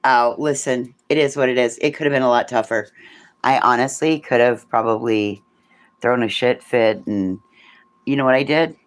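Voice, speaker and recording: A woman's voice: very deep voice, normal speed. A woman hosting a casual livestream, chatting and swearing freely and thanking her viewers by name. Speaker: livestream host. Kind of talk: casual chat.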